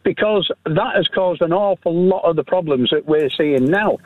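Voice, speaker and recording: An older man with a British accent calling into a radio show, talking in a rambling, halting way. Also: on the high side, no room sound. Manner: rambling, halting, many restarts. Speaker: caller. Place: on a phone line. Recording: tinny phone line.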